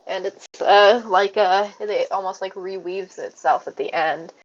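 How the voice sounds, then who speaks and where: A woman narrating as game master of a tabletop game, halting with many fillers. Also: medium pitch, fairly even intonation. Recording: dull lo-fi mic with faint noise.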